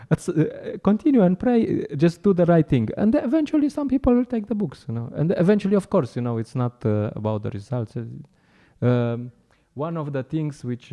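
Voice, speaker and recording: Dark-voiced man giving a chatty talk. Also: a little high. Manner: chatty, laughs often, acts out street encounters. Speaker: speaker at a temple class. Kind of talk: informal talk.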